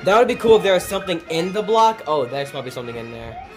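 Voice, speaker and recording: A young man giving let's play commentary, excitable, joking crudely and yelping at the game. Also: sits high, fast. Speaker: gaming channel host. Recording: game music behind the voice.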